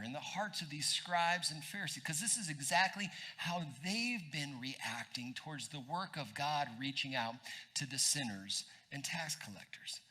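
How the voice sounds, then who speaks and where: A man preaching a sermon as pastor in a church, animated and conversational, throwing quick asides to the congregation. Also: fairly high pitch.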